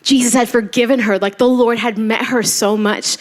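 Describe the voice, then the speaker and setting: A woman's voice: on the high side, steady tone, normal speed. Woman preaching in a conversational style. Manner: conversational storytelling, acts out quotes. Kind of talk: sermon. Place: church.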